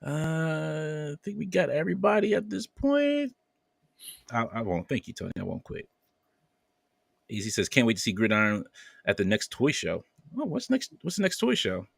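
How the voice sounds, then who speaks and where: A man's voice: on the high side, big pitch swings, moderate pace, creaky, no echo, studio quality. A man hosting a podcast, casually reading viewer comments aloud with playful banter and frequent laughter. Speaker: podcast host.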